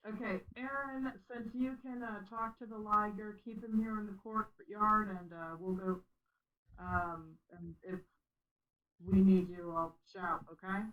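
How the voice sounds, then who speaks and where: A woman player steering her party through a tabletop game, pausing on fillers as she thinks. Her voice sits at an ordinary pitch. It comes through a dull, lo-fi microphone. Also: fairly even intonation. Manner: organizing, hesitant with fillers. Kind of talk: casual game chat. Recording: dull lo-fi mic.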